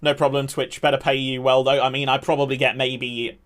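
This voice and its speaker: A young man streaming a football match, calling the play-by-play and chatting with viewers in between. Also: brisk. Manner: excitable play-by-play that surges in pitch at attacks, chatty asides to chat. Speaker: streamer and amateur match commentator. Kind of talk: live watch-along commentary mixed with reading chat.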